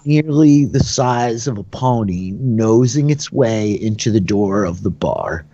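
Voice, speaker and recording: A man's voice: lowish voice, expressive, measured pace, warm tone. A man running a tabletop game as dungeon master, narrating loosely and chattily with many fillers. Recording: dull lo-fi sound in a dry room.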